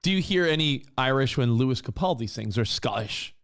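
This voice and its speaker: Lively man co-hosting radio. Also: medium pitch, a little fast. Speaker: radio show co-host. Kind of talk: casual radio banter.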